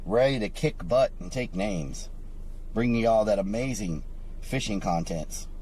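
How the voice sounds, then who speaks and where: A man's voice: on the low side, measured pace, a little mellow, a little hiss or hum. A man streaming live outdoors near water, chatting casually with his viewers.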